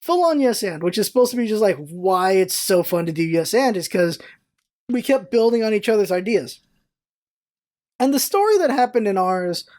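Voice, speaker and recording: A woman vlogger telling a story in a casual, animated way, acting out quoted lines in a raised voice. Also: on the high side.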